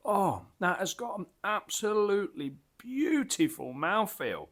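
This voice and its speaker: A man's voice: sits high, sing-song, unhurried, few pauses, fairly bright tone. A man casually reviewing a beer as he tastes it, enthusiastic and rambling, with lots of fillers and restarts.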